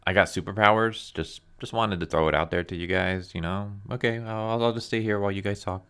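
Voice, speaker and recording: A man's voice: lowish voice, steady tone, a little fast, fairly bright tone, smooth. A man mockingly playing a superhero's father as an awkward, offhand middle-aged man who mumbles sheepish asides.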